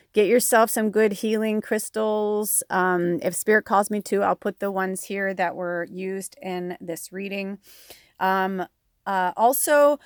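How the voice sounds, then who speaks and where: A chatty woman runs a tarot reading for her viewers, rambling and gushing as she goes, her pitch sitting in the middle of the range. Her voice is recorded close and dry, with no room sound around it. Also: no echo. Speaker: tarot reader and medium.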